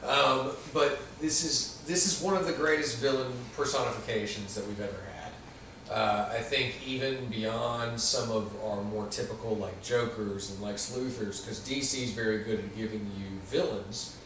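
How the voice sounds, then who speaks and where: A man's voice: medium pitch, steady tone, moderate pace, background noise. A man hosting a casual comic book chat, playful and jokey, recorded in an echoey room. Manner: playful, jokey, slips into silly villain voices. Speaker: podcast host. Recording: echoey room, far from the mic.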